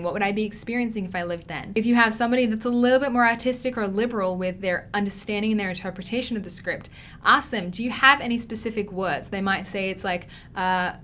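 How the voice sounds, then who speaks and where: A woman's voice: mid-range voice, fairly bright tone, a little hiss or hum. Emphatic Australian woman teaching acting. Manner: emphatic, repeats key words for stress. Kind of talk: online acting lesson.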